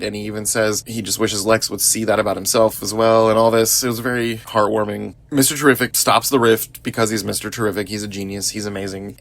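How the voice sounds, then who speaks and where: A man's voice: fairly low pitch, fairly bright tone. A middle-aged man from Southeast Missouri hosting a podcast, giving an earnest, enthusiastic and rambling movie review. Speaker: podcast host.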